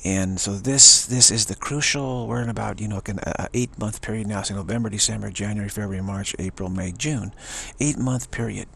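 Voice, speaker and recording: A man with a low, gravelly voice talks in a casual spiritual monologue. He is earnest and rambling and often restarts his sentences, and his tone is rough and a little husky throughout. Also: a little fast, sharp tone. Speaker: spiritual video blogger.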